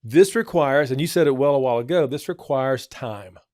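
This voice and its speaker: A man's voice: mid-range voice, moderate pace, a little mellow, no echo, clean studio sound. A man on a church program giving earnest parenting advice, often repeating his points for emphasis. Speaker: church family counselor. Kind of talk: advice talk.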